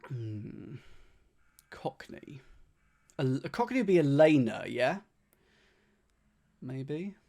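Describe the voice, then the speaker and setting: A man's voice: mid-range voice, very animated, slow pace, creaky, long pauses, a little mellow. A man streaming himself solving a crossword, thinking aloud, repeating clues under his breath and thanking viewers by name.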